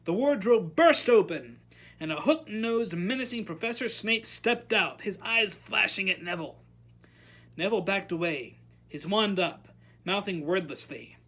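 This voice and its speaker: A librarian reading a novel aloud at storytime, animated and calling out the characters' lines. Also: medium pitch, a little slow.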